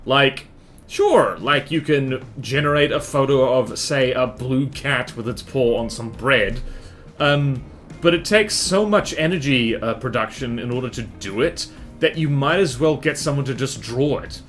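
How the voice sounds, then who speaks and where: A man's voice: mid-range voice, a little slow, a bit bright, faint music behind. A man streaming a strategy game live, chatting with his viewers and reacting to the battles on screen as he rambles through his opinions.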